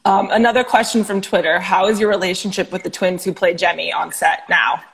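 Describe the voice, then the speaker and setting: A woman's voice: on the low side, steady tone, fairly quick, gravelly, breathy edge. A woman interviewing a guest over a video call, asking friendly, teasing questions. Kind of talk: casual chat.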